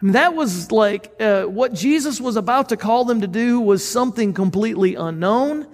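A man's voice: high voice, animated, moderate pace, big-room sound. A man preaching a sermon as pastor, speaking in a conversational, earnest way and asking the listeners questions.

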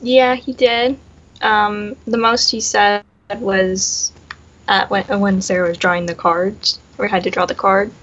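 Young female podcast co-host, even-paced and thoughtful, slightly muffled sound. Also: mid-range voice, a little slow. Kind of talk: casual chat.

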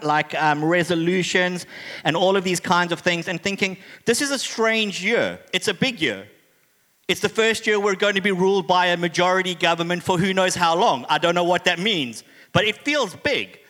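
A man's voice: high-pitched, bright, forceful tone. A man in his forties, a pastor, giving a humorous, conversational sermon to his congregation. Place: church hall. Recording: reverberant hall.

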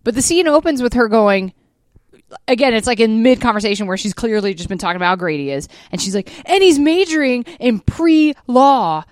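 A woman co-hosting a podcast in casual, chatty talk, swearing freely and breaking into quick asides. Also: medium pitch, no echo, studio quality. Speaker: podcast co-host. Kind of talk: casual chat.

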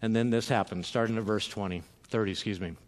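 This pastor talks fast in a lowish, steady voice, delivering a loosely conversational sermon. He leans on fillers and repeats words whenever he restarts a sentence, and the recording has a long reverb tail.

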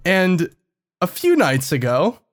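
A man's voice: high-pitched, wildly swooping pitch, takes it slowly. A male podcast host in casual group banter, teasing, sweary and exasperated.

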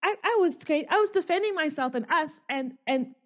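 A woman's voice: high-pitched, very animated, slow, fairly bright tone, pitched above the performer's own voice, heavily acted. A woman voicing a timid young tiefling woman who stammers and apologizes constantly. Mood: overwhelmed.

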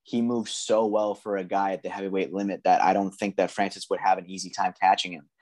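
A man co-hosting a casual podcast, breaking down fights in a measured, analytical way with frequent ums. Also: low-pitched, flat delivery, darkish tone. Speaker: podcast co-host.

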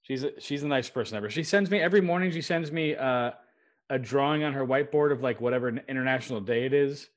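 A young adult man co-hosting a podcast, rambling through anecdotes in a relaxed casual chat with frequent laughs. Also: mid-range voice, fast talker. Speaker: podcast co-host.

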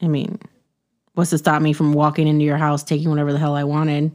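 A woman's voice: low voice, monotone, quick pace, darkish tone. Ranting middle-aged woman podcaster. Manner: ranting, blunt, laughs often. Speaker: podcast host. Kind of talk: casual chat.

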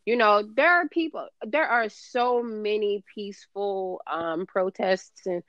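A woman's voice: medium pitch, unhurried, fairly bright tone, no room sound, dull audio. Emphatic profane woman podcast host. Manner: emphatic, profane, rambling with fillers. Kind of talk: casual chat.

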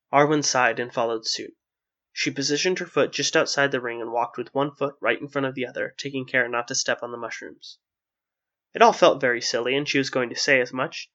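A man narrating a fantasy story in an even, measured reading, in a slightly muffled lo-fi recording. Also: mid-range voice.

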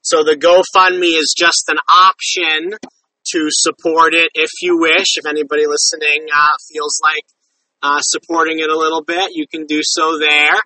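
A man hosts a podcast in a friendly, rambling way, often apologizing and circling back. His voice is fairly high and very bright. He sounds a bit far from the mic in a dry room. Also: little pitch movement, normal speed. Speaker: podcast host. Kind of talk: casual interview chat.

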